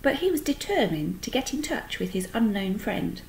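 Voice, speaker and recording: A woman reading a children's book aloud, pausing to explain words to young listeners. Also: mid-range voice, big pitch swings, gravelly, darkish tone, a little hiss or hum, poor audio. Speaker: storyteller.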